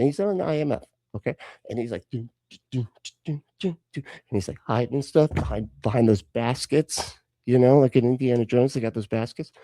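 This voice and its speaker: A tipsy man telling a comic story. He rambles and interrupts himself, and his pitch swings widely. His tone is dark and the sound is dry and close. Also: no room sound. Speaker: podcast co-host.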